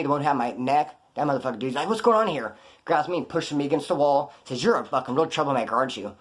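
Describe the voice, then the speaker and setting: Fast-talking profane man telling stories. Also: medium pitch, fairly bright tone. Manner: blunt, profane, streetwise storytelling. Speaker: storyteller recounting prison experiences. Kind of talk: casual storytelling to camera.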